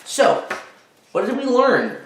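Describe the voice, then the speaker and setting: A man, a teacher, reading a children's book aloud and talking warmly to young listeners. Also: extremely high pitch, big pitch swings, takes it slowly, a little hiss or hum. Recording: roomy echo.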